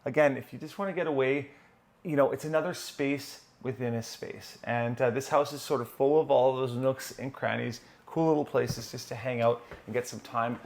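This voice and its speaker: A man's voice: mid-range voice, fairly even intonation, moderate pace, gravelly, darkish tone. A man hosting a home tour, walking room to room and talking enthusiastically in a casual, conversational way, often repeating words for emphasis. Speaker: real estate tour host. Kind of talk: casual walkthrough of a house. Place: indoors, walking through a house.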